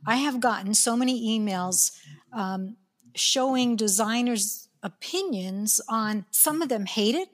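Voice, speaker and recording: A woman's voice: a little high, unhurried. A woman from New York leading a casual chat about kitchen design. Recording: long reverb in the room.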